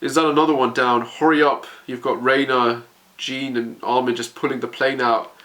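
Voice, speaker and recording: A man's voice: medium pitch, level tone, moderate pace, sharp tone. A man emotionally reacting as he reads a manga chapter aloud, stammering and narrating what happens.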